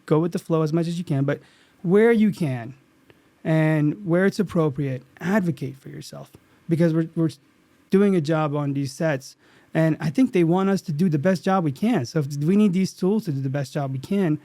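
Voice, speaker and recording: Telling a story from a set during a casual interview, this actor guest speaks at normal speed in a voice on the high side, slightly raised and full of earnest animation. He frequently starts over as emotion catches up, and the close podcast-style mic picks up no room sound at all.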